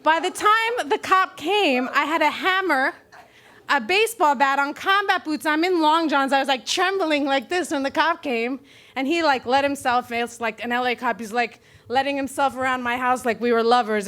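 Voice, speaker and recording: Brooklyn-raised woman, high-pitched, live slam storyteller, salty and self-deprecating. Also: moderate pace. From Brooklyn, New York. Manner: profane, self-mocking, animated.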